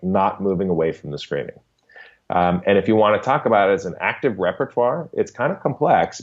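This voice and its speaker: A behavior analyst appearing as a podcast guest explains concepts patiently in a conversational interview, often checking in with "right?". He has a deep voice with a darkish tone, and the sound is lo-fi.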